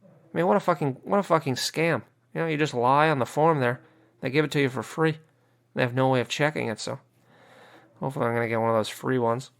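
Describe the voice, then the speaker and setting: A man's voice: medium pitch, fast talker, gravelly. An American man hosting a podcast, ranting casually with lots of swearing and "you know" fillers, sounding exasperated. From United States. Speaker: podcast host. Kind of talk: casual rant.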